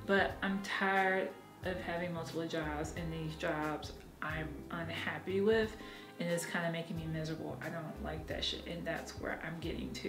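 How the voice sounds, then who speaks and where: Frank, profane woman vlogging in a roomy space. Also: lowish voice. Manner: frank, profane and animated, laughing at herself. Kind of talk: casual confessional vlog. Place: her apartment.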